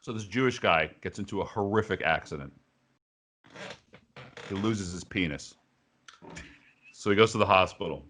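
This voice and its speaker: A man's voice: low-pitched, normal speed, long pauses. A man co-hosting a podcast, chatting casually and animatedly while telling a joke. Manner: chatty, animated, laughs often. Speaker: podcast co-host. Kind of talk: casual chat.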